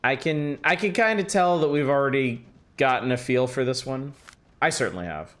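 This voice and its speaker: A man's voice: mid-range voice, moderate pace, fairly bright tone. A male streamer giving casual, joking commentary while playing a game and chatting with viewers. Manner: joking, chatty, addresses chat.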